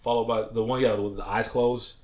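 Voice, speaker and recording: A man co-hosting a casual podcast, joking and animated, often acting out quoted people. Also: medium pitch, brisk. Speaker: podcast co-host. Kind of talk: casual chat.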